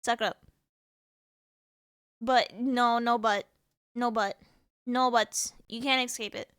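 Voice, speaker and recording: Young woman streamer from the US, high and bright, chaotic and teasing with chat, dry close sound. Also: fairly even intonation, slow, clear, resonant tone, dry recording. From United States. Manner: chaotic, playful, laughs often, teases chat. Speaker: VTuber streamer. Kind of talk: casual live-stream chat with viewers.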